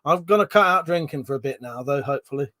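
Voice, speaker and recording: A man's voice: fairly high pitch, expressive, fast talker, pushed and bright, no echo. A man hosting a casual livestream, reading out viewer comments and swearing freely as he chats. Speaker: livestream host.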